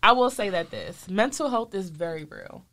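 Bright, emphatic woman podcast co-host. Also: medium pitch, very animated, normal speed. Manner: emphatic, opinionated, repeats "I will say this". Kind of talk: casual podcast chat.

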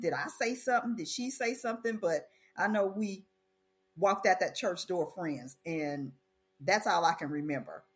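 A woman in her forties, a podcast guest, speaking in a relaxed, reflective way with some hesitant fillers. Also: medium pitch. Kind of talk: casual conversation.

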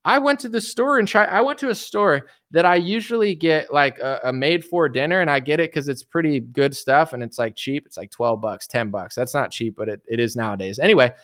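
A man talks in a loose, rambling rant, tripping over his words and starting sentences over. His voice sits a little higher than most men's. It sounds like an off-the-cuff stream. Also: fairly quick, hardly any pauses, a bit bright. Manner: rambling, repeats words, restarts often. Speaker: political commentary streamer. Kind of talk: casual rant to camera.

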